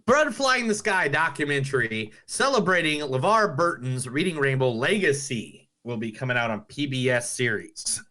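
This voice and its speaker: A man co-hosts a casual podcast, joking and running through entertainment news. His voice is bright and forceful, with an ordinary middle pitch. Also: animated, moderate pace, few pauses. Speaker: podcast co-host.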